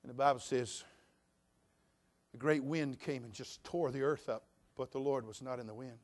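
A man preaching a sermon as pastor, swinging from loud shouts to quiet, intimate talk. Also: mid-range voice, steady tone, moderate pace.

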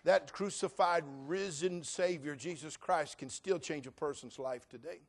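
A middle-aged male pastor preaching a sermon, who drops to a hushed storytelling voice and then climbs to loud, rising declarations while he quotes scripture in old-fashioned wording. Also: fairly high pitch, a little slow.

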